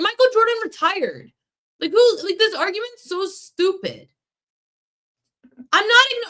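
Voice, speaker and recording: A woman's voice: sits high, bright, forceful tone. A woman hosting a sports betting podcast, ranting heatedly at a commenter in a live chat. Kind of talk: live-stream betting talk.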